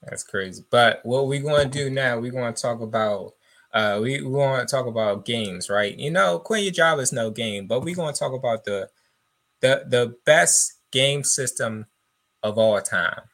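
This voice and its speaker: A man co-hosting a podcast with measured, easygoing asides in casual banter. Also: mid-range voice, animated, a bit bright. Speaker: podcast co-host.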